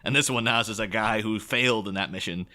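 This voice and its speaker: A man's voice: fairly low pitch, quick pace, bright, forceful tone. A man co-hosting a podcast, talking through a film casually, rambling and laughing often as he mimics characters. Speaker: podcast co-host.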